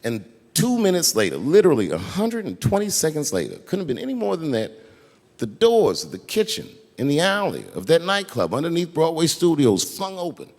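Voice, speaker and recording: A man's voice: fairly high pitch, wildly swooping pitch, fairly quick, a little mellow. A man telling a long stand-up story on a big theater stage, his voice swinging up and down as he acts out each character. The sound rings out with the long reverb of a large hall. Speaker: stand-up comedian. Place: large theater stage before a live audience.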